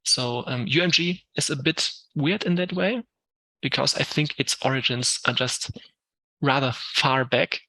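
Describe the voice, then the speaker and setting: A man with a German accent gives a live software lesson, walking through each step with plenty of ums. His voice is bright and forceful with a gravelly, fry-tinged edge. The sound is dry and close. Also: mid-range voice, unhurried, no echo, rough recording. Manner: explains step by step, many ums, answers questions. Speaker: Unreal Engine instructor. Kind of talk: live tech talk with Q&A.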